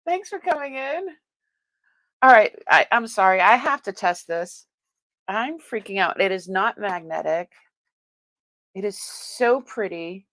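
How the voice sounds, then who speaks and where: A woman's voice: medium pitch, lively intonation, measured pace, long pauses, a bit bright, dry recording. A woman hosting a live-stream sale, chatting as she unboxes and tests items, exclaiming often and laughing as she goes.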